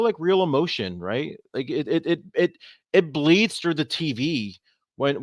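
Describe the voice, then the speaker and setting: A man co-hosting a casual podcast, his voice sitting in an ordinary middle register. He talks in animated, rambling bursts and stumbles over repeated words. The sound is dry and close, with no room echo. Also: mid-range voice. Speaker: podcast co-host.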